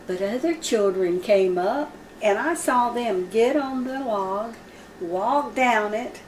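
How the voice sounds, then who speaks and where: A woman's voice: fairly high pitch, darkish tone, a little hiss or hum. A woman leads a Bible lesson by telling a story from her own life, and she brings it alive by acting out what each person said. Her voice sounds distant from the mic. The room around her is reverberant. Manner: vivid, acts out quoted speech. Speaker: Bible study teacher.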